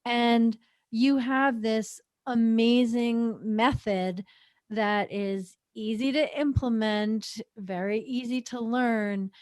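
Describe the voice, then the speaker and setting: A woman hosting a podcast interview, asking clear, measured questions in an encouraging way. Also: a little high, steady tone, darkish tone, no room sound.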